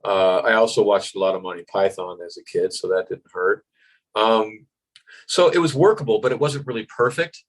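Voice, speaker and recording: A man's voice: lowish voice, normal speed, poor audio. An American actor being interviewed, talking animatedly with lots of fillers and acted-out voices in his stories. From United States. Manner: animated, acts out voices in anecdotes, frequent fillers. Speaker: actor guest. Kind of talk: casual interview.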